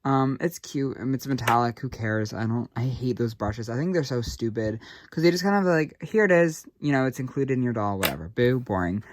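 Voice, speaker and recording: A young man giving a casual doll unboxing review, excitable and gushing, with lots of fillers. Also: medium pitch, a little fast, hardly any pauses, noisy background.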